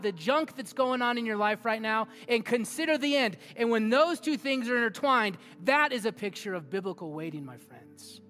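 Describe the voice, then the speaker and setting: A man preaching a sermon as a youth pastor in a church hall, energetic and interactive, often asking the audience questions. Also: very high voice. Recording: long hall reverb with faint music.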